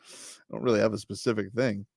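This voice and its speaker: A man's voice: on the low side, steady tone, a little fast, gravelly, a little mellow, slightly rough, dry recording. A man co-hosting sports radio, joking around and tossing in silly bits during casual studio banter. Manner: jokey, throws in playful silly bits.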